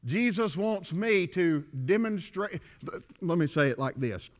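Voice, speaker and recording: A man preaching a sermon, talking to the congregation as if in conversation and swinging between loud declaring and quiet asides. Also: high voice, lively intonation, unhurried. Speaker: pastor. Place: church.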